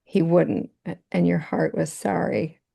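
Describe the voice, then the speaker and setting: Woman, workshop participant, chatty, low gravelly voice. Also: fairly even intonation, unhurried, dark tone. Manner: chatty, quotes text, asks others in. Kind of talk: casual discussion.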